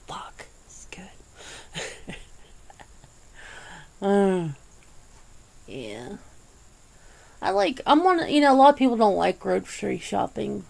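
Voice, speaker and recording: Woman, gravelly fry in her voice, casual soft-spoken ASMR chat, rambling, swears lightly, close mic. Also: mid-range voice. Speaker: ASMR channel host.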